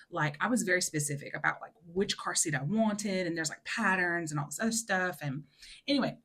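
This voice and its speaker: A podcast co-host in her thirties tells a story in loose, casual chat full of fillers. When she acts out quotes, her voice goes high and loud.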